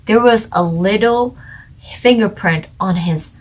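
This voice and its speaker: A woman's voice: medium pitch, takes it slowly. A young woman co-hosting a channel, casually reviewing a TV drama in a rambling, chatty way full of "like". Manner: chatty, rambling, heavy use of "like".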